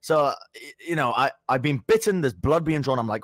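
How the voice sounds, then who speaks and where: A young man tells a story in loose, profane chat. His voice swings widely in pitch as he stumbles, restarts and piles on the swearing. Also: animated, fairly quick, fairly bright tone, no echo, clean studio sound. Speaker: podcast co-host.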